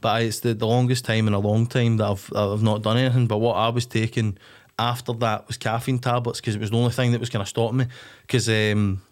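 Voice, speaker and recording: Fast-talking Scottish man, rambling. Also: fairly low pitch, little pitch movement. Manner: rambling with frequent restarts and swearing. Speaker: podcast guest. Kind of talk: candid casual chat.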